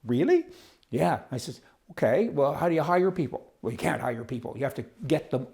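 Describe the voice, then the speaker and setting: A man's voice: mid-range voice, brisk, creaky, darkish tone. Man, canadian commentator, jokey, chatty, laughs at own jokes. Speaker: political commentary host. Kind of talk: casual political commentary with jokes.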